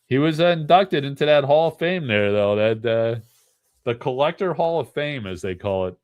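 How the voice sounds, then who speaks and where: A man's voice: medium pitch, animated, moderate pace, no echo, highs cut off. A man hosting a live card break stream, chatting casually and rambling, with frequent laughs between remarks.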